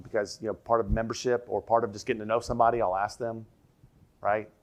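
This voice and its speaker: A man preaching a sermon as pastor, emphatic, repeating key lines and dropping his voice low for the quoted question. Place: church sanctuary.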